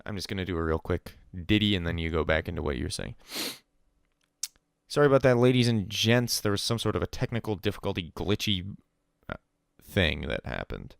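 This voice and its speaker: A man's voice: deep voice, animated, brisk, creaky, dry recording, clean studio sound. A young man hosting a casual esports podcast, chatting over a call and quoting people in playful voices. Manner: chatty, quotes people with put-on voices, laughs often. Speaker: podcast host. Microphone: call recording with a remote co-host.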